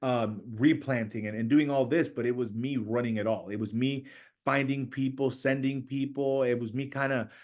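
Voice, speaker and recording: A middle-aged man, a church planter and podcast guest, telling stories in conversation and acting out quoted voices with a rising pitch. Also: moderate pace. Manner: animated, acts out quoted voices with raised pitch. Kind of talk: storytelling in conversation.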